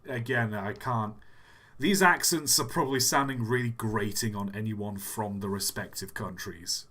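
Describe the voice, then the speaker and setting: A man's voice: fairly low pitch, normal speed, sharp tone. A man hosting a casual live stream, chatting in a playful, self-deprecating and rambling way.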